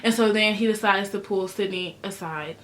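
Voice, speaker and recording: A woman's voice: medium pitch, normal speed, a bit bright. A young woman giving a chatty, sassy recap of a reality show, full of slang. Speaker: recap vlogger. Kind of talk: casual TV recap.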